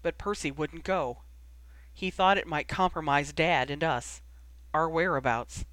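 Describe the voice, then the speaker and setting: A reader voicing a grim, short-tempered young man who speaks tersely, low and rapid when delivering bad news. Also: fairly bright tone, no room sound, close to an everyday voice.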